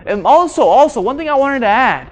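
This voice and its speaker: A male instructor leads an interactive seminar in a training room. He throws questions at the audience and acts out his examples with animated energy. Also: very high voice, brisk. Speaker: workshop instructor.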